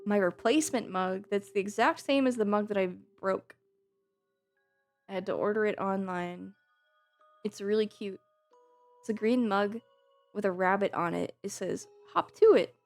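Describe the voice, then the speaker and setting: A woman's voice: mid-range voice, normal speed, pauses often, soft background music. A woman streamer chatting casually and giggling as she reads and answers her chat, with a careless swear now and then.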